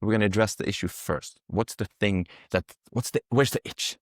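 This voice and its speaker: A man's voice: fairly low pitch, normal speed, no echo, studio quality. A man working as a psychedelic guide, talking casually on a podcast, explaining things through long rambling metaphors and swearing freely.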